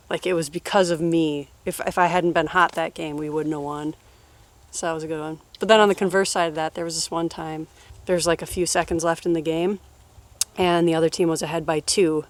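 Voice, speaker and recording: A woman in her thirties answering personal questions in a relaxed, rambling way, full of fillers and laughs. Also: deep voice, normal speed, no echo. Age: 30s. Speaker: interviewee. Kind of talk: casual personal Q&A.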